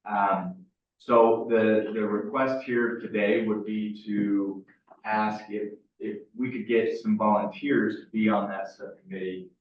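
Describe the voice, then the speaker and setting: A man explaining a policy at a board meeting, halting, with many fillers. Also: on the low side, level tone, slight background noise. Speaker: staff member presenting a report. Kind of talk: meeting report. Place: meeting room. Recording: very echoey room, far from mic, dull.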